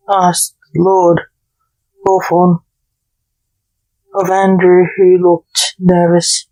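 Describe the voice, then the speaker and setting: A woman's voice: lowish voice, completely flat delivery, extremely slow, pauses often, dark tone, poor audio. A woman narrating a historical romance story aloud as a storyteller.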